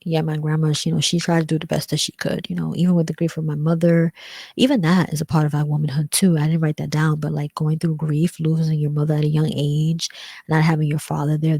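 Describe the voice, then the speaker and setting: A woman talking candidly about growing up, rambling with many fillers and acting out other people in a higher voice. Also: level tone, a little fast, warm tone, no echo. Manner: rambling, frequent "like" and "um", acts out quoted voices higher. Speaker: vlogger. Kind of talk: personal reflective talk.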